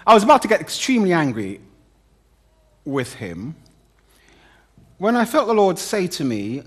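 A middle-aged man preaching a sermon, with dramatic emphasis, pauses and humorous asides. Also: high-pitched, wildly swooping pitch, husky.

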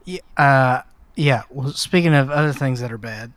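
A man's voice: medium pitch, normal speed, no room sound. A man from Mississippi co-hosting a casual film podcast, wry and teasing, talking with restarts. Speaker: podcast co-host.

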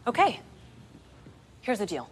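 A woman's voice: mid-range voice, huge pitch swings, measured pace, exaggerated voice. An actress playing a grieving young woman firefighter, speaking earnestly in a TV drama clip. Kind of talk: TV drama dialogue. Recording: TV clip with clear music underneath.

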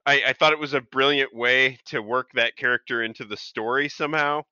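A man's voice: mid-range voice, fairly even intonation, fairly quick, bright, forceful tone, smooth, dry recording, muffled recording. A man co-hosting a podcast in casual chat, enthusiastic and laughing often. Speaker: podcast co-host.

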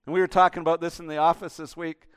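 A male pastor preaches with a smooth, clear voice that is fairly high for a man. His delivery is animated, and it swings between emphatic bursts and hushed, intimate appeals. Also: racing. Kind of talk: sermon.

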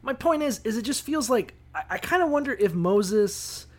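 A man co-hosting a casual podcast, rambling, swearing often and acting out quick quotes. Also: extremely high pitch, lively intonation. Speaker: podcast co-host. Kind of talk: casual profane chat.

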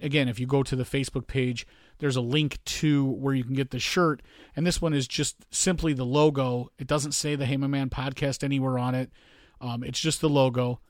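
A man hosting a podcast, chatting casually and telling stories in a laid-back, animated way. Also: medium pitch, no room sound, studio quality. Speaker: podcast host. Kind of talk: casual chat.

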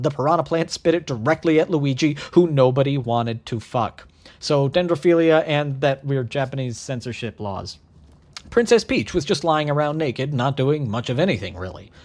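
A man in his thirties telling a crude comedic story in a deadpan voice, tossing in sarcastic asides. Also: medium pitch. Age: 30s. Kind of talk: comedic narrated monologue.

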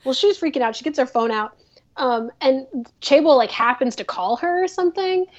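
A woman's voice: high voice, expressive, normal speed, highs cut off. A woman co-hosting a casual chat, recapping episodes with chatty, playful asides. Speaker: podcast co-host.

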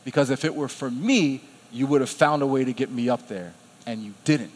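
A man preaching a sermon, telling a personal story with lively self-quotes and frequent laughs. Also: mid-range voice, brisk. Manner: animated, laughs often, quotes himself. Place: church sanctuary. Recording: long hall reverb.

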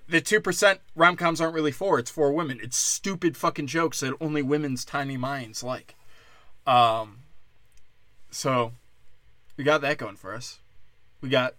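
Young guy from wisconsin doing a crude comedy podcast rant, sharp tense voice, mocking, gets loud then drops low. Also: dry recording. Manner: brash, crude, mocking, loud swings in volume. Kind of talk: profane ranting monologue.

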